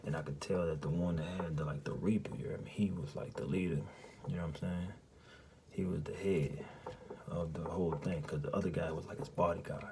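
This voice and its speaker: Man, deep low voice, profane rambling storyteller, keeps saying "you hear me?", slips into hushed whispers, faint background hum. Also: steady tone, a little fast. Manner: drops often into a hushed, breathy half-whisper. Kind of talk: casual spoken recounting of a dream.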